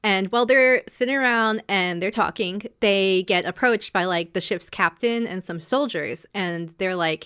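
A woman hosts a podcast in a loose, conversational way, walking through each episode. She talks at an everyday pitch and keeps things chatty, often breaking into quick imitations of the characters. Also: fairly bright tone, smooth. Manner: chatty, acts out characters' lines in quick asides. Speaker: podcast host. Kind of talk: casual chat recapping an anime.

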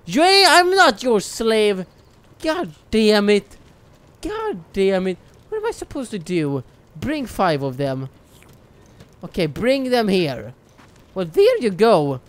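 An excitable young gamer talks over gameplay, swearing and yelling at the screen. Their pitch leaps up and down all the time, and they often stretch words out at an unhurried pace. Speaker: let's play gamer. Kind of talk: let's play commentary.

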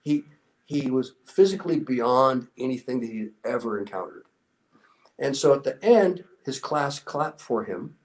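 A man's voice: expressive, unhurried, low-quality recording. Earnest older man telling a story. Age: 60s. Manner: earnest, motivational, quotes people in a softer low voice. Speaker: interview guest, former special warfare instructor. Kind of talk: conversational storytelling.

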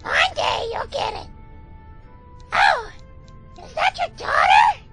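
A man voicing a chirpy, over-friendly young woman neighbor in a shrill, squealing falsetto. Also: expressive, slow, gravelly, music in the background, heavily acted. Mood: gushing.

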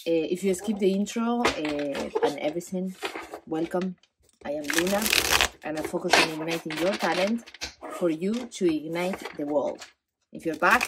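A woman's voice: deep voice, breathy edge. A young adult woman doing a pick-a-card tarot reading, effusive and emotional, with slightly non-native phrasing.

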